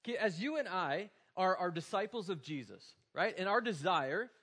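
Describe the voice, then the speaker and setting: A man's voice: high voice, expressive, moderate pace, a bit bright, breathy edge. A man in his forties preaching a sermon as pastor, in a casual, joking, conversational way.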